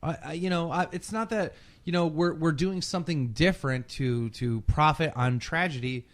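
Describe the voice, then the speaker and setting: A man chatting casually on a podcast, telling a story with lots of swearing and loud mimicry of other people. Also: fairly high pitch, normal speed. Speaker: podcast guest.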